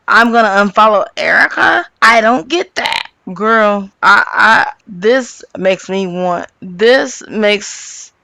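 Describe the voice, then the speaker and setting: A woman's voice: mid-range voice, fairly bright tone, smooth, no room sound. A woman casually recapping a reality show, with blunt, sassy and opinionated asides. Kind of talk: casual gossip recap commentary.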